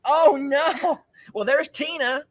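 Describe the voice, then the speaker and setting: A man's voice: very high voice, takes it slowly, no room sound. Chatty man on a farm livestream. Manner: chatty, teasing, animated. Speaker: livestream host. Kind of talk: casual livestream chat. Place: outdoors on a farm.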